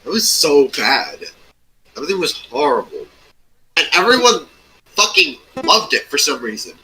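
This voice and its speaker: A man's voice: a little high, very animated, moderate pace, pushed and bright, slight background noise, rough recording. A man in casual chat, rambling through an old tabletop game story and swearing often. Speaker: former game master recounting a campaign.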